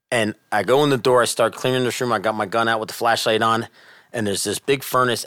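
A middle-aged man telling a personal story in casual chat, animated and earnest, dropping softer at tense moments. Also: on the low side, no echo, studio quality.

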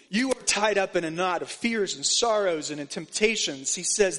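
A man's voice: high-pitched, expressive, moderate pace, a bit bright. A male pastor preaching a sermon to his congregation, asking them questions and building to fervent emphasis, often restarting his words. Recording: long hall reverb.

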